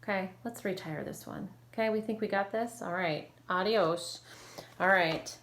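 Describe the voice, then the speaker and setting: A woman teacher leading an online phonics lesson, modeling sounds clearly and slowly and praising her students. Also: medium pitch, a bit bright. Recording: echoey room with faint noise.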